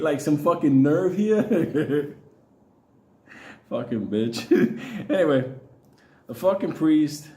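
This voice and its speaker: A man's voice: high-pitched, darkish tone. Foul-mouthed rambling man, echoey room. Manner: profanity-heavy and rambling, often laughing. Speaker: channel host. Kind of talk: profane personal storytelling.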